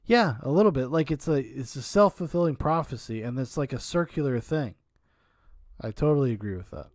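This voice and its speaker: A man's voice: mid-range voice, animated, fairly quick, dry recording, studio quality. A man hosting a reaction video, giving blunt, mocking commentary and swearing freely. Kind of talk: crude sarcastic commentary.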